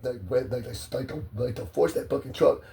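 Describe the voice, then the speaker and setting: A man's voice: mid-range voice, fairly even intonation, normal speed, gravelly, warm tone, far from the mic. A man telling a long, profane, rambling story, laughing at his own tale and swearing constantly.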